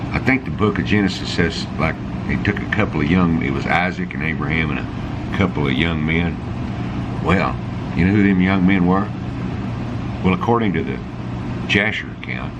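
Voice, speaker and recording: Low-voiced folksy man over loud hum. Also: animated, normal speed, long pauses. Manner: folksy and chatty, chuckles between points. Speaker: Bible teacher. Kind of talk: casual Bible study talk. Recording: loud air-conditioning hum behind voice. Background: air conditioning noise.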